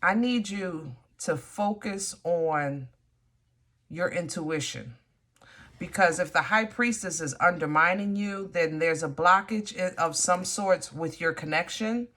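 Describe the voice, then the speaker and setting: A woman giving a tarot reading straight to her viewers, animated and blunt, cursing when frustrated. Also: fairly low pitch, slow pace. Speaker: tarot reader.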